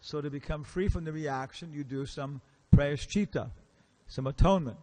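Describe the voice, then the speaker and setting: A man's voice: fairly high pitch, normal speed, darkish tone. Chatty American man giving a lecture. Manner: chatty, acts out quoted characters, asks the audience questions. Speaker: visiting lecturer. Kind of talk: casual storytelling lecture. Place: temple hall.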